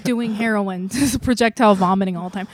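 A woman's voice: medium pitch, a little fast, no room sound. A young woman co-hosting a podcast, telling a story casually with many fillers and bursts of laughter. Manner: animated, lots of fillers, laughs through her story. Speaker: podcast host.

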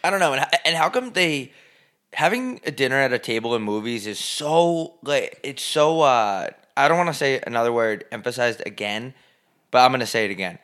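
A man with a crisp, bright voice co-hosts a casual chat. His delivery is offhand and full of wisecracks. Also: medium pitch, expressive, quick pace.

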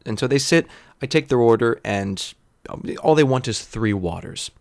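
A man in his thirties telling a comedic story with wry, digressive deadpan asides. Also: medium pitch, normal speed, creaky, no room sound, studio quality. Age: 30s.

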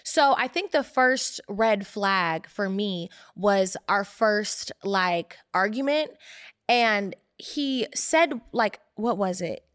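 A woman's voice: slow, no room sound, clean studio sound. A young woman co-hosting a podcast, telling a personal story in casual chat and acting out the quotes. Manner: animated storyteller who acts out quotes in higher voices. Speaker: podcast co-host.

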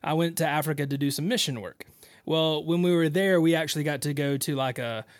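High-voiced radio co-host. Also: male voice, fairly quick. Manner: animated storyteller, acts out voices. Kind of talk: casual storytelling on talk radio.

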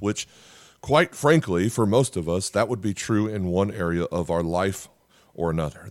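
A man's voice: deep voice, no room sound, clean studio sound. A middle-aged man, a pastor and podcast host, giving a sermon in an earnest, conversational way, with frequent "uh" fillers and restarts.

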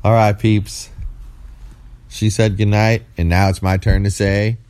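A man with a very deep voice co-hosts a casual late-night podcast. He sounds tired and rambles playfully, teasing his co-host. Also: level tone, a little slow, a little mellow, clean tone.

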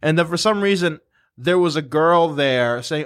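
A man's voice: on the high side, lively intonation, moderate pace, fairly bright tone, clean tone. A young man hosting a casual podcast, rambling through a story with a lot of "like" and restarts. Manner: rambling storyteller, heavy use of "like". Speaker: podcast host. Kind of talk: casual chat.

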